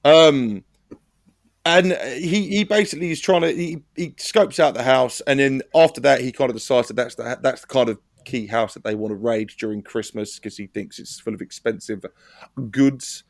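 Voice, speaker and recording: A man's voice: medium pitch, normal speed, gravelly, no room sound. Sweary podcast guy, dry sound. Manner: sweary, jokey banter. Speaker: podcast co-host. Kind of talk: casual chat. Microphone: podcast mic.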